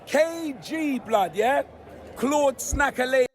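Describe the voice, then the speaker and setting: Hoarse, very high-pitched shouting fan. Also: male voice, lively intonation, takes it slowly, slight background noise. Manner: loud, shouty, slang-heavy roasting. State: hoarse, voice almost gone. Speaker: football fan roasting rival fans.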